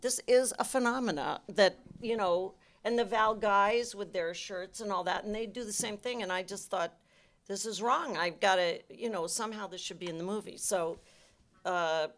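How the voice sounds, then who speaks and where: Older woman director, stage panel Q&A, emphatic and animated. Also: fairly low pitch, normal speed. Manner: emphatic, animated storytelling with restarts. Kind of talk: panel Q&A answers. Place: cinema auditorium.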